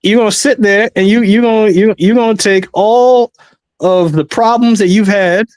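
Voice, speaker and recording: A man co-hosting a podcast in casual banter, teasing the others in animated rants and repeating his lines. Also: high-pitched, normal speed, dry recording. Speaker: podcast co-host.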